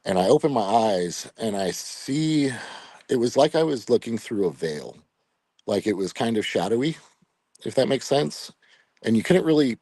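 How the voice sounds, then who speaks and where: A middle-aged man, a retired Air Force veteran, telling a personal story in a podcast interview, reflective and emotional, halting with fillers. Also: fairly low pitch, dark tone, dry recording.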